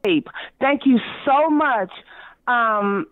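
Excited high-voiced woman caller on a phone line. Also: drawn-out words, no room sound. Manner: effusive, rambling, many ums and restarts. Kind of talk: excited phone call to a talk show.

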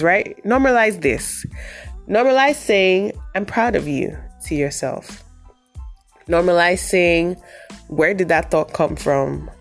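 A woman hosting a casual motivational podcast, talking animatedly and jumping high when she acts out her own reactions. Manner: animated, jumps to high excited pitch when acting out reactions. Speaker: podcast host.

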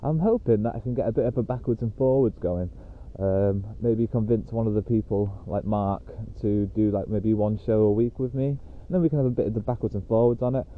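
Bloke rambling on a dog walk, chatty, lots of ums, sounds thin like a phone. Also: male voice, fairly low pitch, a little fast, few pauses, phone-quality sound, slight background noise. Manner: rambling and chatty, with many fillers. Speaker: podcast host. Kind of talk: casual solo rambling podcast.

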